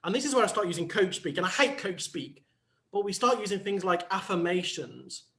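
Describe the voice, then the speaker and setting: A man's voice: high voice, lively intonation, brisk, gravelly, fairly bright tone. A man who works as a coach, talking on a panel show in a reflective, playful way and acting out quotes. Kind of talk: panel talk show chat.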